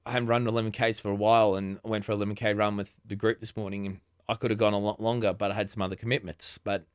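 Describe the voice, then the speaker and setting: Brief: Australian guest in his forties, lowish voice, chatty and quick to laugh, dry close sound. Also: little pitch movement, smooth, no echo. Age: 40s. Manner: chatty, laughs often, many restarts. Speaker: podcast guest. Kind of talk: casual conversation.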